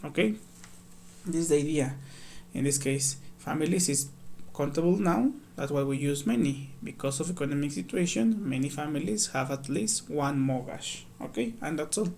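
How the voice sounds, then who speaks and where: Male ESL teacher, gravelly, slightly high voice, patient step-by-step workbook walkthrough, faint hiss behind. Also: normal speed, a little mellow. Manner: patient, explains step by step, reads examples aloud. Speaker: English teacher.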